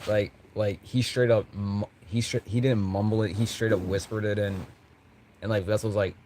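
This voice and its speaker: Giggly, rambling man with a low voice. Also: fairly even intonation, normal speed, mellow, slight background noise. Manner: giggly, rambling, lots of restarts. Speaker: content creator. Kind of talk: rambling fan talk about characters.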